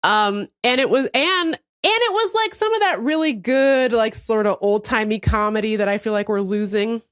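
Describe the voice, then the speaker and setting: A woman's voice: on the high side, normal speed, smooth, no room sound. Woman podcaster, bouncy up-and-down voice, laughing thru a story, dry close mic. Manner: animated storytelling, laughs often; swears casually, acts out quotes. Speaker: podcast co-host. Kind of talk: casual comedy podcast chat.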